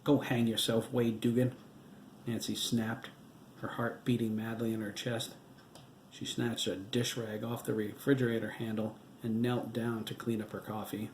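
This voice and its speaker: A man reading his own novel aloud as the narrator, in a steady, measured way. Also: lowish voice, roomy sound, a little hiss or hum. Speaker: author and audiobook narrator. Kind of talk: audiobook narration.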